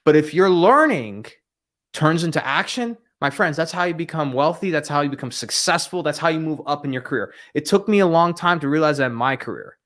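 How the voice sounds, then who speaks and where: A man's voice: a little high, lively intonation, brisk, fairly bright tone. A man hosting a live stream as a sales coach, talking in a blunt, emphatic, scolding way from a room lined with bookshelves. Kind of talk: motivational live-stream talk. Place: room with bookshelves behind him.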